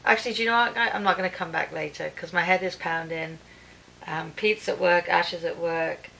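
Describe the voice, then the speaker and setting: A brisk, gravelly British woman with a fairly low voice recaps her day for her vlog, chatting animatedly and acting out the conversations. She films at home on her camera, giving a rough recording with slight background noise.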